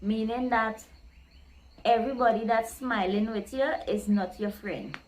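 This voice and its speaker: A woman's voice: on the high side, a little slow, darkish tone, a little hiss or hum, low-quality recording. A woman, explaining Caribbean sayings in a casual vlog, step by step, and acting out quoted lines by shifting her voice. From Guyana.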